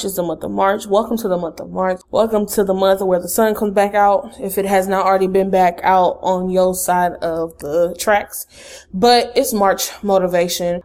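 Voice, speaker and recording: A woman's voice: mid-range voice, a little mellow. A woman podcast host in a casual motivational talk, leading her listeners through repeated positive affirmations.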